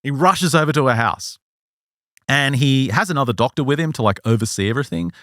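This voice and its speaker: A male podcast host telling a story in casual chat, animated and acting out the people he quotes. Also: medium pitch, brisk, no room sound, studio quality.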